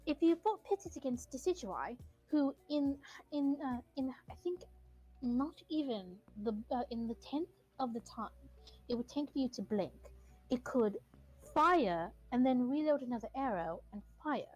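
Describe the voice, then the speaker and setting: A woman chatting as a guest co-host on a stream, with deliberate, mock-formal phrasing. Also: sits high, animated, darkish tone, slightly rough, faint music behind, rough recording. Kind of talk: casual stream chat.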